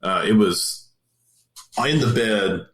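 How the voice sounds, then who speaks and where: A man's voice: on the low side, lively intonation, slow, a bit bright. A man, a police officer, telling a story in a casual, rambling way with many fillers and restarts. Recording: roomy echo.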